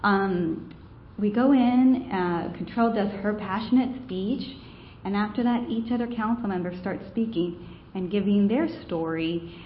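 A woman's voice: mid-range voice, a little slow, slight background noise. A woman telling a campaign story during a conference presentation, chatty and full of fillers. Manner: conversational storytelling, many fillers. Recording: roomy, dull room recording.

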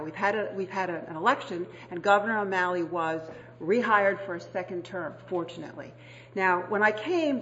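A woman's voice: lowish voice, highs cut off, slight background noise. A middle-aged woman, a public health official, speaking on a conference panel in a chatty way, with fillers and restarts. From United States. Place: conference hall.

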